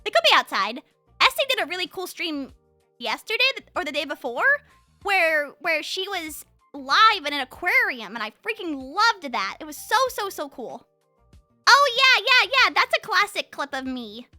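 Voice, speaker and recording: Very high bubbly fast-talking woman. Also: sing-song, sharp tone, no room sound, faint music behind. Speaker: streamer. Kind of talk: casual chat with live chat.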